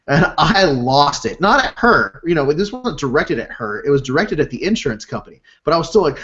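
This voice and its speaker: A man co-hosting a podcast, telling a story about his own week in an animated, self-deprecating way. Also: fairly high pitch, a little fast, muffled recording, slight background noise. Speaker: podcast co-host, father. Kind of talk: casual storytelling chat.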